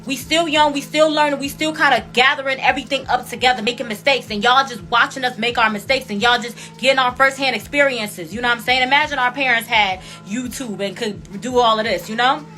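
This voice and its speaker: Woman, late twenties, host; casual reaction commentary, bright and high, hammers her points home. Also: a little fast, few pauses, soft background music. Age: 20s. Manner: emphatic, repeats points for effect.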